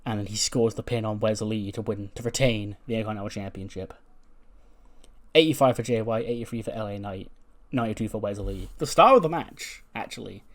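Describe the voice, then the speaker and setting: A man's voice: fairly low pitch, a little fast. Rambling man narrating a game. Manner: rambling, laughs often. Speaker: video game commentator. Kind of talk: casual gameplay commentary.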